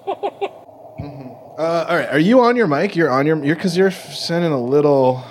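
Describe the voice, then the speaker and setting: A man co-hosting a podcast in casual chat, joking in a dry, deadpan way. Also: fairly high pitch, a little slow, a little hiss or hum. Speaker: podcast co-host.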